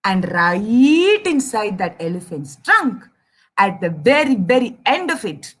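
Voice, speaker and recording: A young Indian woman telling a children's story, animated and chatty, speaking straight to the kids listening. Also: mid-range voice, takes it slowly, slightly rough. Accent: Indian English. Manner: animated, addresses kids directly.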